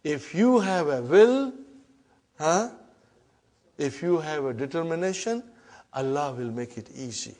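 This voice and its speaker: A man's voice: on the high side, animated, unhurried, long pauses, a little mellow. A middle-aged man teaching an Arabic grammar lesson to a class, repeating terms, chanting drills and checking often that everyone is following.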